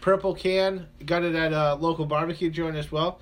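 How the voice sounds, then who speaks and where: A relaxed man co-hosting a radio show, talking in a fairly high voice. He rambles along with plenty of ums and uhs, in easy casual chat. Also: moderate pace. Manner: laid-back, rambling, many fillers. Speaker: radio show co-host reviewing beer.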